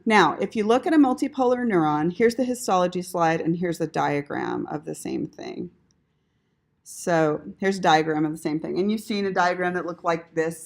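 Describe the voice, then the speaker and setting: A woman teaching an anatomy class in a classroom, casual and chatty, often checking in with the students and swearing mildly. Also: on the low side. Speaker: anatomy instructor. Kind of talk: classroom lecture.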